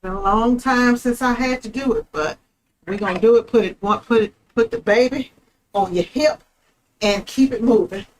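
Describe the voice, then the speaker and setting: A woman's voice: on the high side, moderate pace, a little hiss or hum, poor audio. Chatty woman demonstrating printing. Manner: chatty, folksy, talks straight to viewers as y'all. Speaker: host of a live print-shop stream. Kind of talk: casual live craft demonstration.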